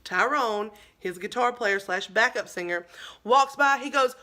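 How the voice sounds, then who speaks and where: Chatty bright-voiced woman vlogger. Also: fairly high pitch, unhurried. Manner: chatty, dramatic, addresses viewers as y'all. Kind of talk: storytime vlog.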